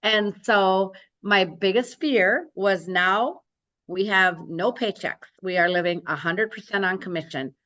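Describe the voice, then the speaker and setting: A woman's voice: mid-range voice, measured pace, a bit bright, highs cut off. A woman in her sixties, a real estate broker, telling her story in an interview and acting out quoted dialogue.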